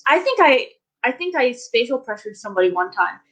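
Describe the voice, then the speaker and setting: Woman, high voice, animated ranting, lots of fillers, casual chat. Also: a little fast, rough recording.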